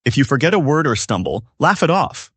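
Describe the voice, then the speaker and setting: A man co-hosting a scripted podcast for English learners. His mid-range voice swings widely in pitch as he explains tips in an upbeat way. The recording is dry and close, with no room sound. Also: very animated, brisk, a bit bright, breathy edge, no echo. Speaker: podcast co-host.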